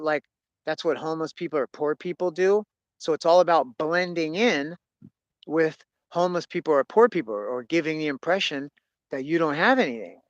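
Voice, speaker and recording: A man's voice: fairly high pitch, fairly bright tone, no echo, dull audio. A man hosting a casual monologue, rambling and cursing as he tells a story.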